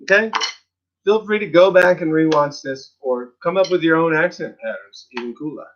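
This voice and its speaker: A man's voice: fairly high pitch, normal speed, a bit bright, highs cut off, a little hiss or hum. A man teaching an online drum lesson, chatting casually and counting students through the exercises. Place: drum studio. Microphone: phone camera.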